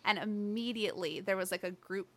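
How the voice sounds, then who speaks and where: A woman's voice: mid-range voice, a little fast. A woman chatting casually, telling rambling stories full of fillers and quoted lines. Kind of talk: casual chat.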